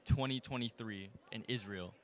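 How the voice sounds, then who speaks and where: A man's voice: on the low side, normal speed. A young man as a guest on a campus podcast, speaking earnestly about his opinion outdoors. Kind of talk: casual opinion discussion.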